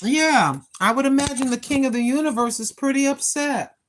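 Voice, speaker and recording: Older lady rambling and preaching on a phone livestream, voice a bit high. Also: normal speed, a little hiss or hum. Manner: chatty, preachy, talks to herself. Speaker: live-stream host. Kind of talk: casual live-stream talk. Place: outdoors on a walk.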